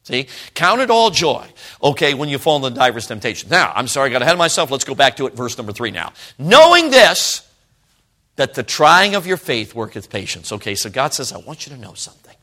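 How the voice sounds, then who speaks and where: A middle-aged man preaching a sermon, telling a folksy story with frequent laughs and swings between loud and hushed. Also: medium pitch, very animated, fast talker. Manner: folksy storytelling, frequent "you know what I'm talking about".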